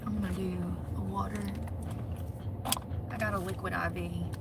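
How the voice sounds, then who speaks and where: A woman livestreaming from her parked truck on her phone, talking in a chatty, animated way with lots of laughs and a slangy drawl. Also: lowish voice, normal speed, very noisy. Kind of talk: casual livestream chat.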